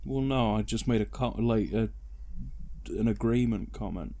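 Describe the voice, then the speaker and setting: A man's voice: on the low side, moderate pace, dark tone. A twenty-year-old man, a guest on a podcast, chatting in a laid-back, mumbling way. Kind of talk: casual chat.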